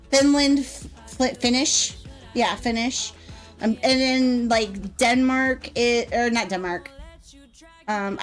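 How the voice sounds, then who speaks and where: An American woman streamer chatting casually, rambling and giggling often between her remarks. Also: high-pitched. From United States. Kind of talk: casual live-stream chat.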